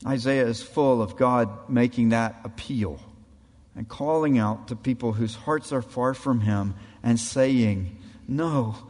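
Slow-preaching man in a reverberant hall. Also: mid-range voice, a little mellow. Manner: dramatic, acts out quoted voices of God and people. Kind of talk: sermon.

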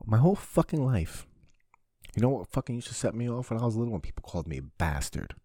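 Low-voiced, swearing podcast host. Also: male voice, lively intonation, very fast, no room sound, clean studio sound. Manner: profane, rambling, jokey with sudden loud bursts. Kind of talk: casual crude comedic monologue.

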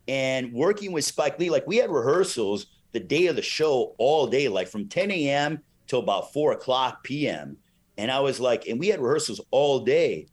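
A middle-aged man, a ring announcer, telling a story in an interview with lively delivery and frequent "you know" fillers, acting out the voices he quotes. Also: medium pitch.

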